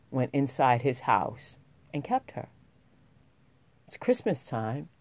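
A woman's voice: a bass voice, dark tone, no room sound. A woman vlogging, telling a personal story in a heartfelt, rambling way with many restarts, getting emotional as she talks.

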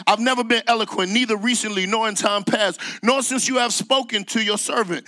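A man preaching a sermon as a guest preacher on a church stage, animated, leading call-and-response with the congregation and laughing in asides. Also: high voice, normal speed, no echo. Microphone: microphone.

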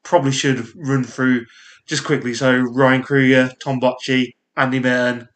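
A man with a Yorkshire accent chatting on a casual podcast in a voice of middling pitch. He rambles cheerfully through asides and laughs often. He is recorded on a podcast mic. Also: flat delivery, moderate pace. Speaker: podcast co-host.

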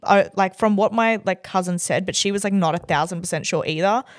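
A young woman in her twenties with an Australian accent, co-hosting a podcast, animated and emphatic, with frequent swearing. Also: medium pitch, brisk, no room sound, clean studio sound. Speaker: podcast co-host. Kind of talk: casual chat.

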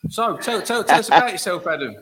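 A man's voice: high-pitched, animated, fast talker, fairly bright tone, rough recording. A man hosting a casual podcast, chatty and upbeat as he introduces guests and clips. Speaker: podcast host.

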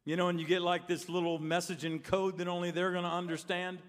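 An older pastor preaches in a church sanctuary, telling stories and putting questions to the crowd, while the big hall lends a long reverb. His voice is high-pitched and quick, with little pitch movement.

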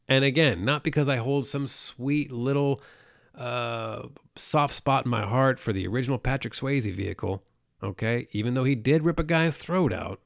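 A man's voice: medium pitch, moderate pace, creaky, no room sound, clean studio sound. Crude, rambling podcast host, man. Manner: rambling, crude, sarcastic, self-mocking. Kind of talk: solo casual podcast rant.

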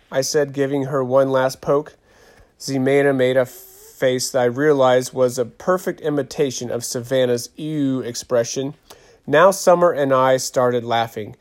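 A man narrating a children's story in a steady reading voice. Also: medium pitch, a little slow. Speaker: audiobook narrator.

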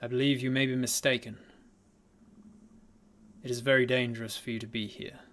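A man voicing a mysterious robed, hooded stranger who talks loudly and politely. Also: mid-range voice, little pitch movement, normal speed, natural voice. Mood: stern. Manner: polite, loud, formal.

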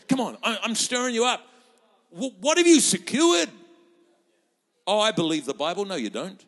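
A man's voice: high-pitched, big pitch swings, moderate pace, long pauses, fairly bright tone. A man preaching a sermon as pastor, fervent and rousing, quoting scripture and acting out voices for the crowd. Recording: reverberant hall.

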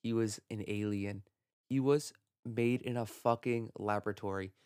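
A young man hosting a solo sports podcast from home, talking in an excitable, profane rant and laughing at his own jokes. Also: fairly low pitch, normal speed, clear, resonant tone, dry recording, clean studio sound. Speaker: podcast host. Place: home room.

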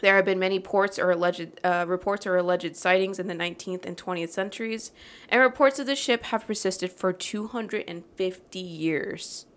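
A woman's voice: on the low side, normal speed, fairly bright tone. A woman hosting a podcast, reading a legend aloud in a casual, joking way, swearing and laughing as she goes. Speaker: podcast host. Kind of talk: casual storytelling chat.

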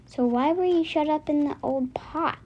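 A woman's voice: high-pitched, normal speed, warm tone, muffled recording, slight background noise, close to an everyday voice. A woman voicing a curious young girl in a fairy story, asking eager questions.

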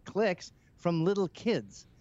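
A man holds forth as a podcast guest, sardonic and mocking. His voice sits a touch high and moves lively up and down. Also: takes it slowly, dull audio. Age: 30s or older. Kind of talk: casual podcast banter.

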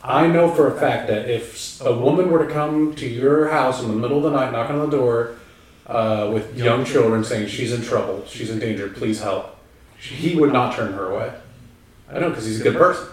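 A man hosting a casual conversation, relaxed and full of fillers. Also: mid-range voice, brisk. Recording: echoey room, distant from mic.

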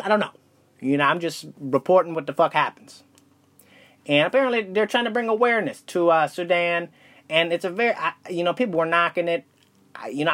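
A young man with a high-sitting, fairly bright voice runs a casual solo podcast while out of breath. He speaks loosely, swears, and leans on fillers and restarts.

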